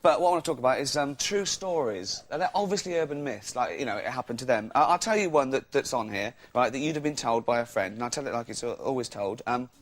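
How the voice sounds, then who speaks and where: A man's voice: mid-range voice, lively intonation, fast talker, few pauses. A male comedian telling rambling stand-up stories, often laughing through his lines. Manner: giggly, laughs mid-sentence. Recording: loud hiss under the voice.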